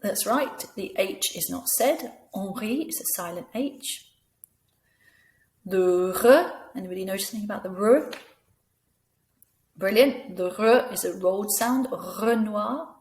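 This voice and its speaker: A middle-aged woman leads a language lesson at an unhurried pace. Her delivery is patient and encouraging, and she breaks each sound down carefully for learners. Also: mid-range voice, darkish tone. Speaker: language teacher. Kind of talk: slow, clear classroom instruction.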